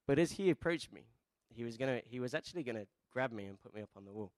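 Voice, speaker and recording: Brief: male pastor, a mid-pitched voice, a dry close mic, preaching with question-led call-and-response. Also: lively intonation, fast, no echo. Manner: swings between soft, low asides and loud emphatic peaks. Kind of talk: sermon.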